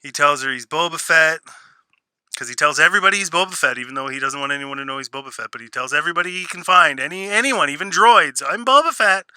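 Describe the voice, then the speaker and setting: A show reviewer rants sarcastically through a spoiler review, exasperated and mocking his subject by quoting lines in put-on voices. His voice is a little high, fast and sharp, clean and dry with no room sound.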